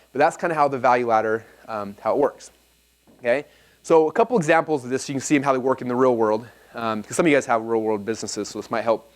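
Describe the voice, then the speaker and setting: A man in his thirties speaking to a live audience at a business seminar, telling stories animatedly and acting out the dialogue. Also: mid-range voice. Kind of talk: storytelling seminar talk. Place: event hall with a live audience.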